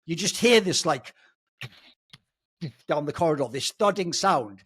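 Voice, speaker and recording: A man's voice: a little high, expressive, unhurried, fairly bright tone, husky. A man, an esports pundit rambling irreverently in casual podcast chat, sometimes swearing.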